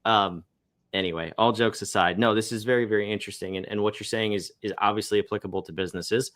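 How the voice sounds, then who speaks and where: A man's voice: on the low side, fairly even intonation, quick pace, fairly bright tone. A male podcast host in a casual interview, often restarting and repeating words as he thinks aloud.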